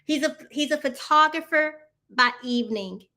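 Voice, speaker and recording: A woman's voice: high-pitched, moderate pace, bright, forceful tone. A woman hosting a casual live coffee chat, rambling from topic to topic, laughing often and answering viewers directly. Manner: rambling, chatty, jumps between topics and answers viewer comments; laughs often, talks straight to viewers as y'all.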